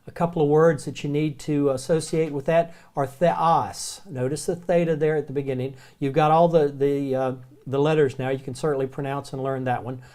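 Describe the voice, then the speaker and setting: A man with a Southern American accent teaching the Greek alphabet in a relaxed, chatty way, slowly repeating each word. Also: on the high side. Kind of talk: recorded classroom lecture.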